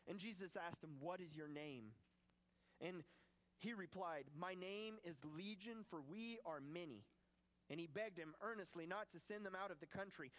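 A man preaching a sermon, animated and acting out the voices in the scripture he tells. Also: high-pitched.

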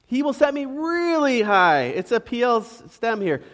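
High-voiced male pastor in an echoing hall. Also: very animated, normal speed, fairly bright tone. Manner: emphatic, repeats words for stress, asks the congregation questions. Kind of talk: sermon. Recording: long reverb of a hall.

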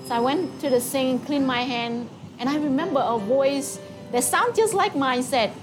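A woman sharing a personal testimony in lively storytelling, acting out the dialogue. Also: a little high, normal speed, music in the background.

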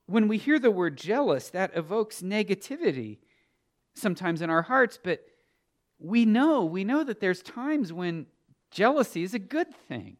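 Middle-aged guy preaching, swings from soft story to loud emphatic, voice jumps around a lot. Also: sits high, very animated, a little slow. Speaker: pastor. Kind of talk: sermon.

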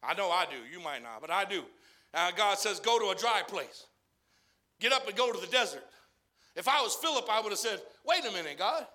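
A man from Arizona preaching a folksy sermon, repeating himself as he builds to loud exhortation and then drops quiet. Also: high voice, animated, fairly quick.

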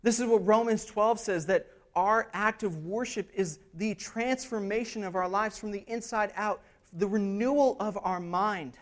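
A man's voice: high voice, a little slow, few pauses. A man preaching an expository sermon as pastor. He talks in an earnest, conversational way, checking in with "right?" and building to emphatic passages.

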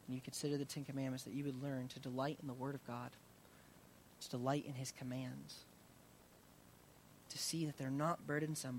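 A man preaching a sermon as pastor, earnest, rising in intensity and then dropping soft to pray. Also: mid-range voice, a little hiss or hum.

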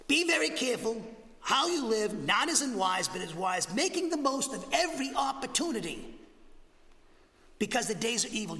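A man in his sixties with a Boston accent preaches a Bible lesson in a conversational, restless way, breaking off and restarting as he goes. His voice is high and bright with a cutting edge. It carries through a church sanctuary with a long, lingering reverb. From Massachusetts. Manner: animated, conversational, with many restarts and asides. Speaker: pastor teaching a Bible class. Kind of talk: expository sermon lesson.

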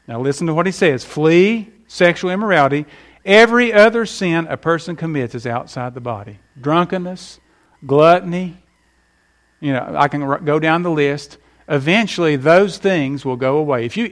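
Male pastor, middle-aged, pitched a bit high, emphatic sermon delivery. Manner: emphatic preaching with folksy anecdotes.

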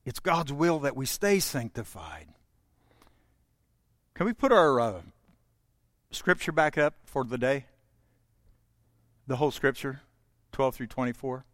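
A man preaching a sermon, folksy and direct with his congregation, swinging between loud proclaiming and hushed, intimate stretches. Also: medium pitch, lively intonation, a little slow, pauses often, no room sound, studio quality. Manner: folksy, talks straight to the congregation. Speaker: pastor.

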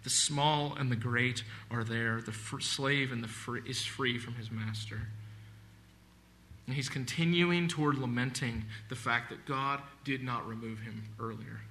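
A man's voice: medium pitch, sharp tone. A man preaching a sermon as pastor, earnest and emphatic, reading scripture aloud.

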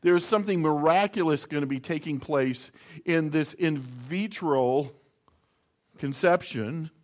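A man's voice: a little high, unhurried. A middle-aged man preaching a sermon, reading scripture aloud and explaining it in a conversational way with stories from home. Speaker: pastor.

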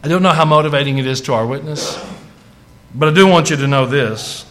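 A man's voice: fairly high pitch, brisk, fairly bright tone. A man preaching a sermon to his congregation, talking casually and building to fervent emphasis on scripture. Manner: conversational, rising to fervent emphasis. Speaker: pastor.

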